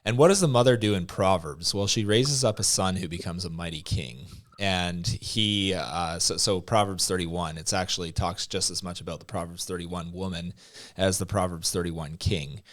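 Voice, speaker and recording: A man co-hosting a podcast lays out his point in a measured way as he explains scripture. His voice sits very low. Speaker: podcast co-host. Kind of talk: podcast discussion.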